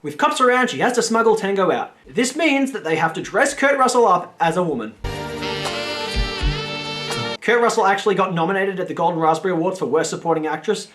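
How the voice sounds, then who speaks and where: A man's voice: high voice, expressive, a little fast, music in the background. A man hosting a film review video, giving blunt, sarcastic scripted commentary and swearing casually.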